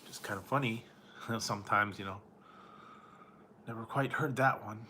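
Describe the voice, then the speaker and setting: A man's voice: fairly low pitch, measured pace, pushed and bright, a little hiss or hum. A man chatting casually with viewers on a stream, laid-back, chuckling often and slipping into joking impressions. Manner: laid-back, chuckles often, playful surfer-dude mimicry. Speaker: food vlogger chatting with viewers. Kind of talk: casual live-stream chat.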